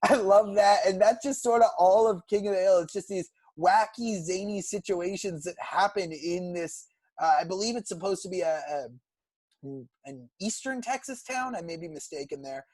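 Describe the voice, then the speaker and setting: A young man with a fairly high voice, recorded dry and close. He chats casually as a podcast co-host, eagerly walking through episodes and favorite characters at length. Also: normal speed, a little mellow, no room sound. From California. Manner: enthusiastic, recounts plots at length. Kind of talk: casual chat.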